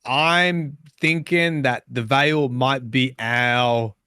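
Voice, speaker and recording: A man co-hosting a casual podcast, thinking out loud with many fillers and restarts. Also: medium pitch, fairly even intonation, drawn-out words, smooth, no echo, studio quality. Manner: speculative, hedging with fillers. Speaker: podcast co-host. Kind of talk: casual chat.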